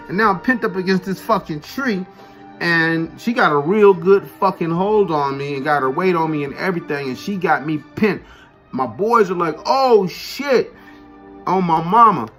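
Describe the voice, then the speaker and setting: A vlogger tells a personal story from his school days, laid-back and profane, packed with street slang and "you know what I'm saying." His voice sits high with a fairly bright tone.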